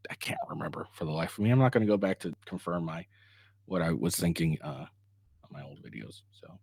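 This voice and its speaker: A man's voice: low voice, vocal fry, slightly rough, no room sound. A man giving casual, rambling commentary, full of swearing, fillers and restarts, and mocking when he paraphrases others. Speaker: online commentator.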